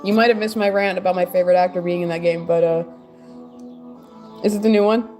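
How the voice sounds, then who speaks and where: A woman's voice: lowish voice, steady tone, fast talker, a little mellow, faint music behind. A young woman streaming while she crafts, rambling and joking with her chat and laughing often, at home. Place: at home, moving furniture.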